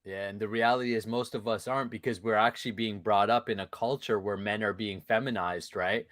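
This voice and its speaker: A man's voice: fairly low pitch, steady tone, brisk, a bit bright, dry recording, studio quality. Blunt, emphatic man on a podcast. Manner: blunt, swears freely, punchy emphatic delivery. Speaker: host, men's coach. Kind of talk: casual podcast conversation.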